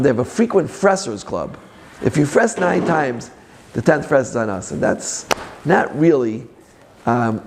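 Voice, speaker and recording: Rabbi guy teaching a class, lively up-and-down voice, bit gravelly, cracks jokes between stories. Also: mid-range voice, slight background noise. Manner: animated storyteller with joking asides. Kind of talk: Torah class talk with personal stories.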